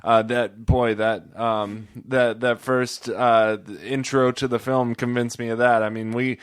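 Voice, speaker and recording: A man hosting a casual comics podcast, talking in a relaxed, rambling way with plenty of fillers. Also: mid-range voice, unhurried, clean tone, dry recording, clean studio sound. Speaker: podcast host.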